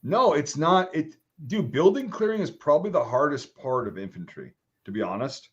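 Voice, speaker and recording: A man's voice: on the high side, moderate pace. A man, an army veteran, co-hosting a casual profane chat and telling war stories with lots of swearing and acted-out quotes. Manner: swears freely, animated storytelling with voiced quotes. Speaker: podcast host and army veteran. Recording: slightly dull lo-fi audio.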